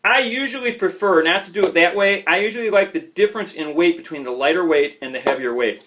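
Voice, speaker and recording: A man from Chicago giving a relaxed saxophone lesson, talking conversationally and checking in often with "okay?" and "you know". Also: high-pitched, fast. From Chicago, USA. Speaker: saxophone teacher. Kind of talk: casual instructional talk. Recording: slightly dull lo-fi audio with faint music.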